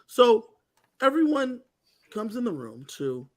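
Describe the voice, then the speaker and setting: A man co-hosting a casual recap chat, telling the story with animated energy. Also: very high voice, slow pace. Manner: animated storytelling, acting out quoted lines. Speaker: co-host.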